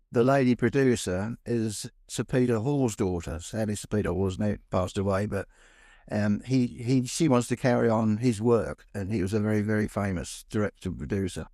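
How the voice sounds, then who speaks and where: A man's voice: medium pitch, a little mellow, dry recording, studio quality. An older man with a Suffolk accent telling rambling anecdotes in an interview. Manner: chuckling, rambling anecdote teller. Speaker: guest storyteller.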